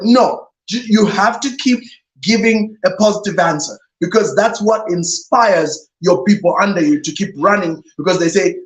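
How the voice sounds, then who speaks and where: A reverend giving an emphatic motivational talk on leadership, often repeating "no, no, no" to dismiss ideas. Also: male voice, high voice, normal speed. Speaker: guest speaker, reverend. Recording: roomy echo.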